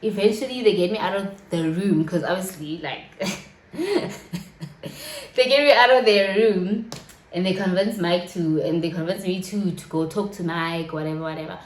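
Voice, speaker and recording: A woman's voice: lowish voice, a little slow. Dramatic woman vlogger, echoey. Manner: dramatic, animated, swears freely. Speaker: storytime vlogger. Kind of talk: casual storytelling. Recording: roomy echo.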